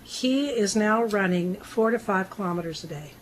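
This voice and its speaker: A woman's voice: mid-range voice, expressive, moderate pace, slight background noise, rough recording. Chatty woman co-hosting a radio show. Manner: chatty, reads listener emails. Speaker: radio co-host. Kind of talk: talk radio chat.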